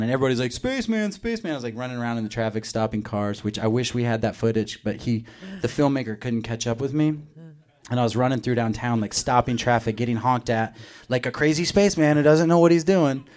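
A man's voice: fairly low pitch, darkish tone. A man in his thirties, a musician guest on a live radio show, telling rambling stories with jokes. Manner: rambling, joking storyteller. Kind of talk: live radio interview, casual chat. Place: radio studio.

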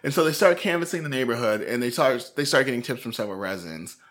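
A young man co-hosting a casual true-crime podcast, telling the story playfully with sudden high squeaks, his throat a little sore. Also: animated, fast, a bit bright. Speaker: podcast co-host.

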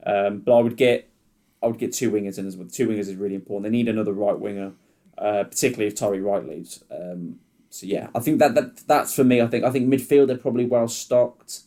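Low, mellow-voiced man. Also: steady tone, fast talker. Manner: hesitant, with many restarts and fillers. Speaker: football reporter. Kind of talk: casual podcast chat.

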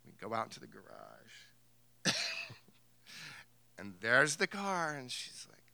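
A man's voice: fairly high pitch, lively intonation, slow, vocal fry, bright, forceful tone, smooth, no echo. A man from New Hampshire telling a wry, amused family story to a live theater audience. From New Hampshire, USA. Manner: wry, amused, laughs through his story. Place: theater stage.

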